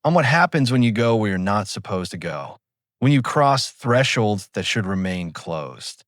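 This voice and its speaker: Calm commanding fog spirit, as a man voices it. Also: fairly low pitch, moderate pace, dry recording, clean studio sound.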